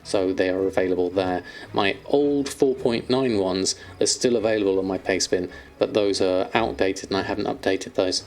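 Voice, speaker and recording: Chatty man, low voice. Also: normal speed, few pauses, a little mellow, soft background music. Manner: chatty, reads viewer questions aloud, many ums and fillers. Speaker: streamer answering chat. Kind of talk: casual live-stream chat.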